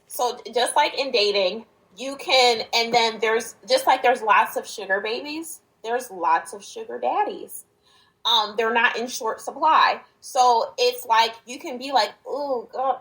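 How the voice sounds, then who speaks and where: A woman co-hosting a casual talk show, explaining her points in a measured way. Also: on the high side, fairly bright tone, low-quality recording. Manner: measured, explains things, a churchgoer. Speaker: co-host. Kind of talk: casual chat.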